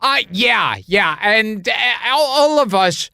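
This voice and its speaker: A man's voice: sits high, expressive, slow, gravelly, pushed and bright, smooth, no room sound, clean studio sound. An older man co-hosting a podcast, telling stories in casual chat and laughing often. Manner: storytelling with frequent laughs. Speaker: podcast co-host.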